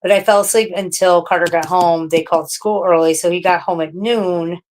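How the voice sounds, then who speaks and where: A woman's voice: on the low side, steady tone, fairly quick, a little mellow, slight background noise. A woman livestreaming casual chat, talking frankly in a rambling way and swearing often.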